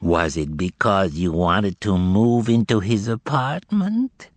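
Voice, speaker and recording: A man's voice: lowish voice, animated, takes it slowly, dry recording. A man voicing a male demon henchman with a nasal twang. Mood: menacing.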